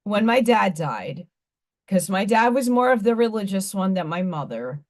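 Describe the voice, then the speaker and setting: A woman's voice: mid-range voice, animated, moderate pace. A woman hosting a live stream, telling stories in a rambling, candid, blunt way. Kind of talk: casual chat.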